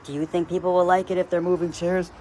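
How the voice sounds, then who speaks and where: Woman's mocking take on a syrupy gentle-parenting mom, low and soft. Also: level tone, fast, a little hiss or hum, natural voice. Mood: mock-patient.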